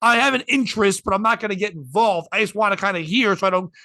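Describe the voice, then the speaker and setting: A man's voice: sits high, fast, dry recording. A man, a comedian hosting a podcast, telling a story with lots of swearing and acted-out quotes. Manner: acts out quotes with shouting, swearing, laughing.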